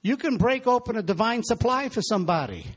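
High-pitched guy preaching in church, keeps asking the crowd are you with me. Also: lively intonation, brisk. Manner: exhorting, asks the congregation for responses. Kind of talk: sermon.

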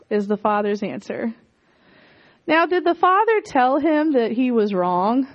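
A woman in her thirties preaches a sermon with lively energy. She repeats her points for emphasis and laughs often. Her voice sits a little high, on a dull, lo-fi recording. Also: a little slow.

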